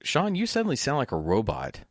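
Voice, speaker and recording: A man's voice: mid-range voice, huge pitch swings, fairly quick, no room sound, studio quality. A man co-hosting a podcast in casual chat, frank and joking, steering the conversation. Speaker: podcast co-host.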